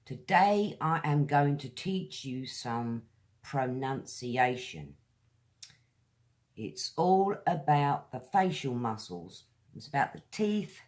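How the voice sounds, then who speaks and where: A British woman leads a pronunciation lesson at an unhurried pace. She draws each word out slowly and clearly. She speaks straight to her viewers in a friendly, direct way. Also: extremely low pitch, a little mellow. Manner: slow, deliberate, drawn-out words. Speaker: English teacher.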